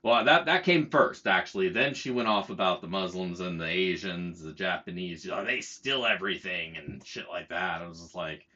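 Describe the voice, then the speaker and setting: A man's voice: low voice, moderate pace, hardly any pauses, sharp tone. A middle-aged man telling a story as a heated casual rant, swearing freely and mocking other people's words. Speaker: channel host. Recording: dull lo-fi sound.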